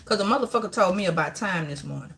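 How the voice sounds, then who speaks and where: Woman, tarot reader, bright voice, cussing, rambling, preachy. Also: medium pitch, animated, fast, creaky. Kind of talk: live-stream tarot reading.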